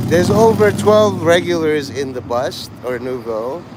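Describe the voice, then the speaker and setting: A man's voice: a little high, lively intonation, a little slow, hardly any pauses, heavy background noise. A man livestreaming outdoors in a city, rambling and joking and laughing at his own jokes. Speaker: live streamer. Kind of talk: casual rambling livestream chat.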